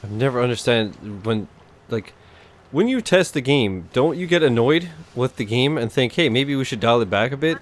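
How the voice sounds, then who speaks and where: A man's voice: medium pitch, lively intonation, normal speed. A man giving casual, sarcastic, profane commentary while playing a video game. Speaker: gaming streamer.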